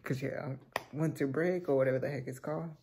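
A man's voice: mid-range voice, steady tone, fast talker, gravelly, warm tone, breathy edge. A teenage boy hosting a reaction video, chatting casually and rambling between remarks. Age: teens.

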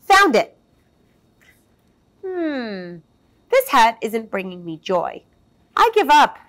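A woman's voice: fairly high pitch, sing-song, slow. A woman voicing a vain, dramatic female sheep in a children's storybook read-aloud, with a fussy, theatrical manner.

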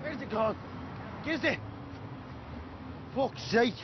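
A swaggering young gang leader with a very high voice who swears freely and orders his mates around. The audio is dull, with faint background noise. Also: slow. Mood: cocky. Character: cocky young male Dublin gang leader. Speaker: gang member.

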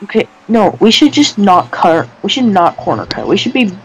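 A woman with a bad cough, chatting excitedly with friends while playing an online game and barking commands. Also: medium pitch, moderate pace, low-quality recording. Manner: excitable, swears, shouts commands. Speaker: player in online voice chat. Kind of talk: casual gaming chat.

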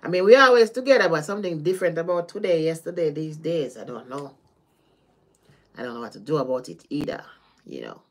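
A woman with a Caribbean accent gives a loose, chatty tarot reading on a livestream. Her voice sits a little low, and she drifts between thoughts and laughs often. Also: expressive, a little fast. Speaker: tarot reader.

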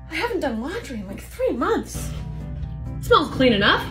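A young woman performing character comedy sketches in an animated style, swinging between exaggerated voices. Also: sits high, normal speed. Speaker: comedy creator. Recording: echoey room with faint music.

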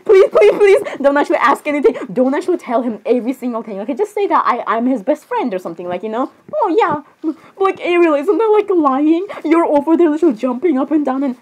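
A young woman doing a playful, giggly role-play with character voices, excitable and full of fillers and laughter. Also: sits high, fast talker, few pauses, low-quality recording.

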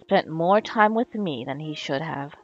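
A woman reading game dialogue aloud in a calm, unhurried way while playing with a co-host. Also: sits low, muffled recording, faint music behind. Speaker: let's play co-host.

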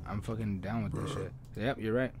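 A man's voice: on the low side, steady tone, fairly quick, crowd noise. A young man co-hosting a casual podcast, talking in a laid-back, slangy way with heavy swearing. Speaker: podcast co-host. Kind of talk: casual chat.

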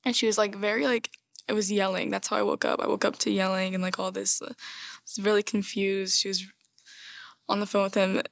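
A woman's voice: medium pitch, level tone, a little fast, vocal fry, no room sound, clean studio sound. A woman, the sister, giving a hesitant personal account in a documentary interview, searching for words with many fillers.

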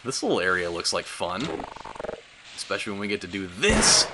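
A young man hosting a let's play, giving sarcastic, excitable gameplay commentary with frequent swearing. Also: sits low, fairly quick, background noise.

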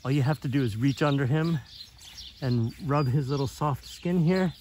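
A man talking to the camera while he feeds and pets his pig, switching to a high sing-song voice when he speaks to the animal. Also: moderate pace, darkish tone. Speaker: pig owner filming his pet. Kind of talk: casual outdoor vlog narration. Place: outdoors on a rural farm. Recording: outdoor farm noise.

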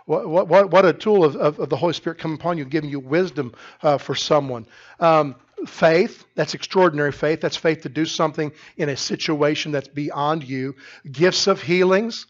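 A male pastor preaching in a church, lively and storytelling, often stumbling over and restarting his words. His voice sits a little high, and the recording sounds dull and lo-fi. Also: moderate pace. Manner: animated storytelling with many restarts. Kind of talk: sermon. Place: church sanctuary.

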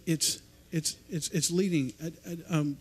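A male preacher with a notably high voice. He speaks loosely and conversationally, stumbling over and repeating his words as he goes. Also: steady tone, measured pace, slightly rough. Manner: rambling, repeats and restarts words. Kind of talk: informal sermon. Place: church service.

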